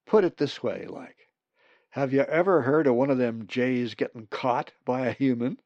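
A man voicing a rough-talking, sly male raven with slangy speech. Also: medium pitch, moderate pace, darkish tone, no room sound, lo-fi sound, voice pushed up, natural voice. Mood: swaggering.

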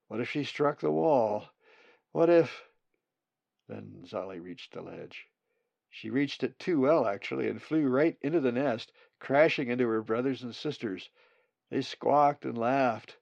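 A man reading a children's story aloud in an expressive, unhurried way. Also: medium pitch, gravelly, no room sound, dull audio.

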